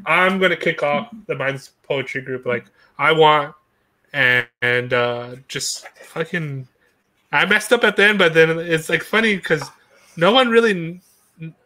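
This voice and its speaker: A man's voice: fairly high pitch, bright, forceful tone. A man chatting casually, rambling with frequent laughs and casual swearing. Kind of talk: casual chat.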